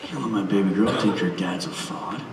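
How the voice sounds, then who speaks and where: A man giving a motivational speech on stage, telling a funny family story in an animated, joking way with an audience present. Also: sits low, normal speed, heavy background noise. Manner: animated, joking, acts out voices. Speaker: motivational speaker. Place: large hall with live audience. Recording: roomy hall from far off, with audience.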